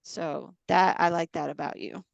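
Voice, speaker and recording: A woman co-hosting a casual chat, lively and acting out quoted voices as she talks. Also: fairly low pitch, normal speed, gravelly, no room sound, highs cut off. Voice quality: animated, acts out quoted voices.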